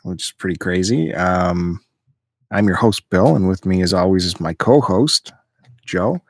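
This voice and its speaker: Male podcast host, lowish voice, dry ribbing banter, casual. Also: measured pace, husky, no room sound.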